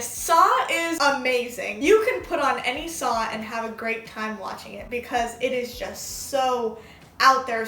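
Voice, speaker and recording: A woman's voice: high-pitched, fairly bright tone, a little hiss or hum. A young woman chatting casually in a crafting vlog, gushing and enthusiastic as she talks. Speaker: vlogger. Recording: echoey room, mic at a distance.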